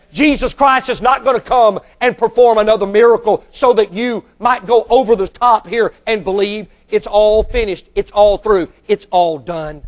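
A man preaching a sermon who speaks straight to his listeners, repeats phrases for emphasis and builds to shouts on key points. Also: high voice.

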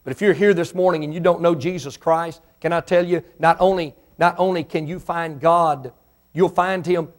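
Male pastor, sermon in church, high-pitched voice, swells and drops in volume, voices imagined questions. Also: fairly even intonation, moderate pace. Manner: preaching with sudden rises in pitch and volume, voicing imagined listeners.

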